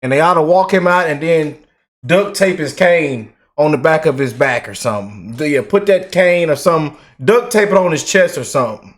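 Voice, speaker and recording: A man hosting casual political reaction commentary, talking in an animated, mocking, slangy way with repeated words. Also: fairly high pitch, normal speed.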